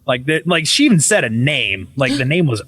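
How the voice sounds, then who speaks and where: A man on a casual podcast call telling a ghost story, swearing freely and acting out the quotes with lively energy. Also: medium pitch, fairly quick, breathy edge. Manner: profane, animated retelling with voiced quotes. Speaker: podcast guest. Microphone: video call.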